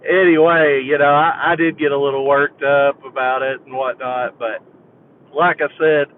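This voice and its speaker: A man's voice: medium pitch, steady tone, normal speed. A man calling in to a sports show, telling a rambling fan story and laughing as he goes. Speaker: caller. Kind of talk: phone-in chat. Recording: tinny phone line with faint hiss.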